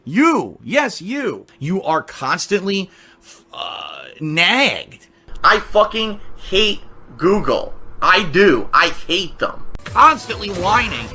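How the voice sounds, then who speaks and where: A combative man streaming games rants at his viewers, swearing freely and snapping into shouts. His voice sits high and swings widely in pitch. The tone is bright and sharp. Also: wildly swooping pitch, slow pace, slightly rough. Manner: profane, combative, shouting outbursts. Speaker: video game streamer. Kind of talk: angry stream rant.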